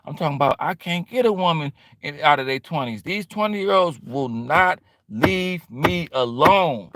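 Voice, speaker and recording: A middle-aged man streaming a casual monologue, slangy and animated, acting out quoted exchanges. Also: on the high side, moderate pace, noisy background.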